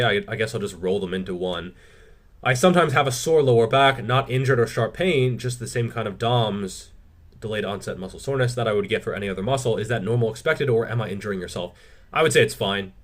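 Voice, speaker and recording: A man's voice: mid-range voice, lively intonation, fast. A man answering viewer questions in a casual Q&A, reading each one aloud and then replying frankly, swearing freely. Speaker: fitness YouTuber.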